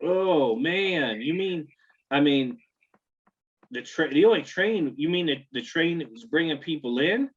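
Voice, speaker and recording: A man's voice: a little high, animated, a little slow, slightly rough, voice pushed up. A man voicing a laid-back, crude young frat-bro cultist who drawls surfer slang, recorded on dull lo-fi audio. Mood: excited.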